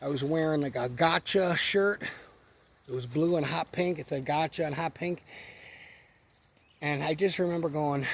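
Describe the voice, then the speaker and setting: Husky, blunt man in his forties ranting. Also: fairly high pitch, normal speed, long pauses. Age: 40s. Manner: blunt, heavy swearing, repeats himself. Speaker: vlogger. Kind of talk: casual rant to camera.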